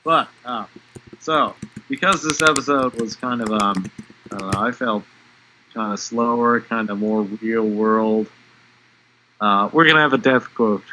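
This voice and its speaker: A man with a bright, ringing voice co-hosts a casual podcast from an online call. He talks in an animated, self-deprecating way. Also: fairly low pitch, measured pace, pauses often, a little hiss or hum, poor audio. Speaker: podcast co-host. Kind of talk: casual chat.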